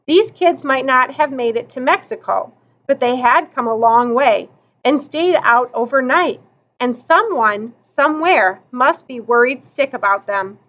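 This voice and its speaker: A woman narrating a children's novel in an expressive, deliberate audiobook reading. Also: sits high.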